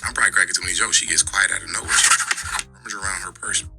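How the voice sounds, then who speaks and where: Male stand-up comic, low gravelly voice, sharp and punchy in his delivery. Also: fairly even intonation, fast, soft background music. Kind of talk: stand-up comedy storytelling.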